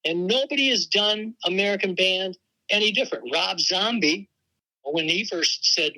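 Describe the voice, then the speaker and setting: An older man, a veteran rock drummer, telling stories in a relaxed interview and laughing often. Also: high-pitched, a little fast, poor audio. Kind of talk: casual interview talk.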